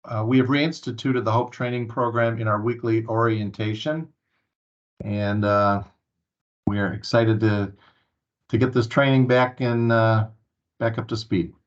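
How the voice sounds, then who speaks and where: A man's voice: on the low side, flat delivery, a little slow. A man giving a staff training presentation at a town hall meeting, earnest and full of filler sounds and restarts. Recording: muffled lo-fi recording.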